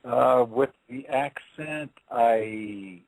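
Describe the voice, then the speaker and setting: A man being interviewed as a guest on a radio show, giving halting, measured explanations. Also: medium pitch, dry recording, rough recording. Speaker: paranormal investigator guest.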